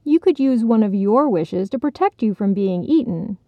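A woman voicing a patient, gentle male crane in a storybook, persuasive in manner. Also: mid-range voice, expressive, normal speed, no echo, dull audio, lightly acted.

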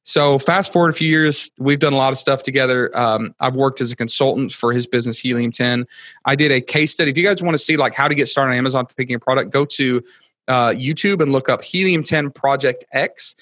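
A man in his thirties, a podcast guest telling stories in casual chat, excitable and rambling with lots of fillers. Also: mid-range voice, a little fast, no echo.

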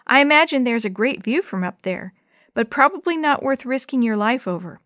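Kind young man rescuer, gentle, slightly preachy, a woman reading him. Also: a little high, animated, normal speed, dry recording, clean studio sound.

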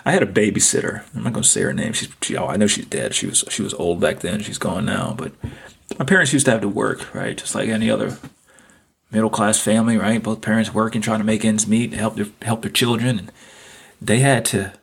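A man's voice: on the low side, a little fast, creaky, husky. A man hosting a podcast, telling a personal story in an earnest, reflective way and repeating phrases for emphasis. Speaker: podcast host.

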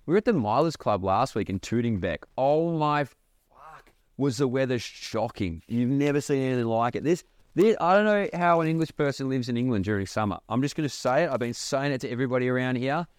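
A young Australian man rambling casually on his podcast, animated and swearing freely. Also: medium pitch, clean tone, no room sound. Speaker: podcast host.

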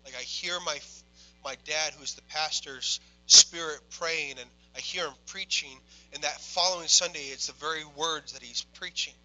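A young man preaching a sermon, telling a personal story quietly, then building to loud, impassioned preaching. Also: fairly high pitch, normal speed, soft background music, low-quality recording.

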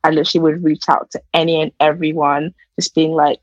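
A young woman shares her story in an earnest, chatty way, with plenty of fillers along the way. Her voice is slightly husky. The recording is dry and somewhat dull and lo-fi. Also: low voice, little pitch movement, quick pace, no room sound. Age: young adult. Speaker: podcast guest. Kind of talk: casual personal testimony.

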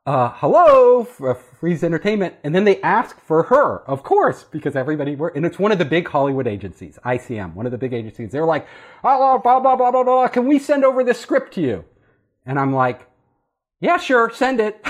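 A man casually telling a story, animated and often laughing as he acts out what others said. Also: sits high, breathy edge. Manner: animated, laughing, acting out quoted voices. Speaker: storyteller guest. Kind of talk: casual anecdote.

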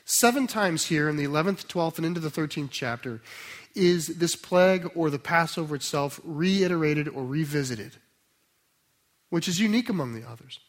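A man preaching a sermon, explaining scripture in a conversational way, then reading a passage aloud slowly and softly. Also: a little high, expressive. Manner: conversational teaching with restarts, slow and soft when reading scripture.

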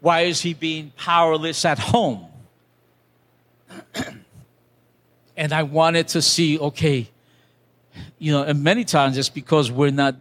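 A man's voice: fairly high pitch, a bit bright. Older male pastor telling a testimony. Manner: conversational, with restarts and acted-out quotes. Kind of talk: sermon testimony, storytelling.

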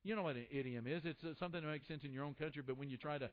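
A man in his fifties preaching a sermon, impassioned, swinging from loud peaks down to a hush. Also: on the high side, rapid-fire, dull audio. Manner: impassioned, rising then dropping to a hush. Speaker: pastor.

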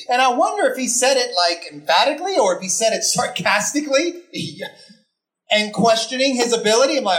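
Animated preacher telling a story. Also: mid-range voice, normal speed. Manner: animated storytelling with rhetorical questions; emphatic, repeats phrases for effect. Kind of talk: conversational sermon.

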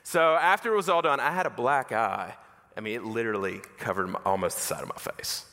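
A man preaching a sermon as an animated, self-mocking storyteller. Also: mid-range voice, a little fast. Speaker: pastor. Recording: reverberant hall.

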